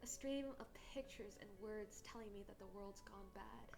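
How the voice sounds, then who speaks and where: A woman's voice: mid-range voice, moderate pace, darkish tone, soft background music, close to an everyday voice. A woman voicing a young female dragon in a visual novel, an anxious but hopeful dreamer who talks in an earnest, confiding way. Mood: gloomy.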